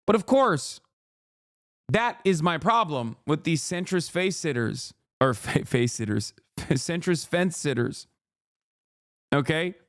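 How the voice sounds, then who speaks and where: A man's voice: a little high, lively intonation, takes it slowly, pauses often, fairly bright tone, no room sound. A man livestreaming casual political commentary, ranting in a sarcastic, profane, heated way on a close mic.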